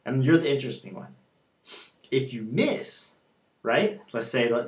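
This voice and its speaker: A man's voice: medium pitch, expressive, moderate pace, pauses often. A man giving a casual dating-advice lesson, talking loosely with lots of fillers and acting out both sides of the conversations he describes. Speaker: dating coach. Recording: echoey room.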